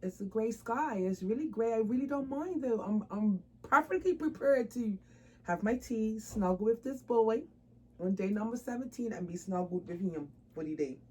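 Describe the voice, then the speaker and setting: A woman's voice: a little high, lively intonation, moderate pace, warm tone, husky, low-quality recording. A woman chatting casually to camera about her doll hobby, informal and laughing often. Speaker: doll collector vlogger.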